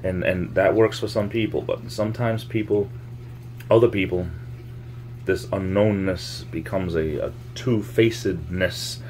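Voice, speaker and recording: A YouTube vlogger with a very low, darkish voice talks casually to camera from home near the laundry, speaking a little slowly with fairly even intonation. He meanders, repeats phrases, and coins words now and then, while a faint hum runs underneath.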